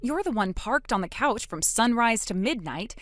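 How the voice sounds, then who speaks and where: A woman narrating a text message story as the wife, trading sharp, sarcastic comebacks. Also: fairly high pitch, lively intonation, normal speed, dry recording.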